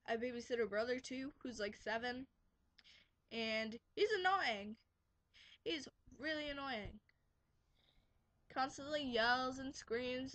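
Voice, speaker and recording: A teen girl rants with sarcasm in a casual bedroom vlog, perched on her bed, mimicking kids in mocking voices and using plenty of fillers. Her voice is fairly high and a bit bright, with no room sound.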